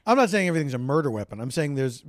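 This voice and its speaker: A man co-hosts a home podcast with a mid-pitched voice. His pitch rises and falls a lot as he makes wry, dry remarks. The recording is close and dry. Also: very animated, very fast, no echo. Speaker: podcast co-host. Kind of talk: casual chat. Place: home, indoors.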